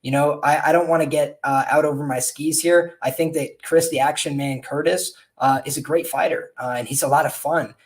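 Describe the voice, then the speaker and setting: A man's voice: fairly high pitch, fairly even intonation, brisk, hardly any pauses. A man hosting a podcast, giving casual, rambling betting analysis of upcoming fights with frequent fillers and restarts. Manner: conversational, many fillers and restarts. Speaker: podcast host and fight handicapper.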